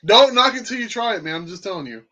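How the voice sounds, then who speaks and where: Lively, high, bright-voiced man. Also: fast, crowd noise. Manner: eager, laughs often. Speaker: podcast co-host. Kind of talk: casual wrestling podcast chat.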